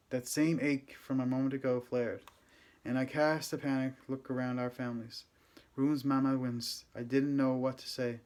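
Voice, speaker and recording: A man reading a first-person novel aloud, with steady, gentle, unhurried storytelling. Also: mid-range voice. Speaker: audiobook reader.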